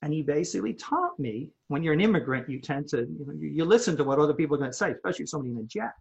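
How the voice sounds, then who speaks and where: Husky man telling a story with lively pitch. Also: very fast. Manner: animated, acts out quoted dialogue, repeats words when excited. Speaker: guest. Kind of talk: conversational storytelling. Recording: dull lo-fi recording.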